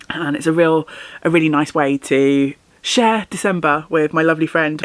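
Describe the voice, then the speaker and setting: A woman chatting casually and enthusiastically in a crafting vlog, talking to the camera at home. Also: low-pitched. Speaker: knitting and spinning vlogger.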